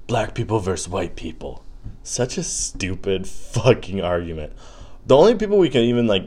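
Young male podcaster, lowish voice, profane rambling with frequent laughs. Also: darkish tone. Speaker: podcast host. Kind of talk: solo podcast rant.

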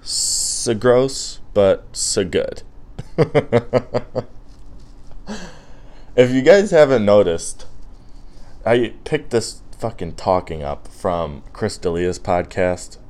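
Young man, podcast host, rambling profane rants, slow delivery, low voice, swooping pitch. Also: animated, darkish tone. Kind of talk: casual comedic monologue.

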